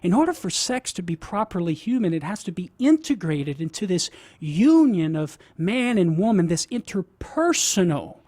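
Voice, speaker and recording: A man with a Cajun accent, a radio guest apologist, lays out ideas methodically, dropping in "right?" to make sure listeners follow. His high, darkish voice swings widely in pitch, moving at a moderate pace with hardly any pauses and no room sound.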